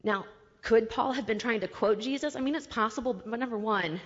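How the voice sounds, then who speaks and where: A woman's voice: fairly high pitch, fairly quick. A woman giving a casual, chatty Bible teaching with slang asides, explaining verses in everyday terms. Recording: long reverb, dull lo-fi sound.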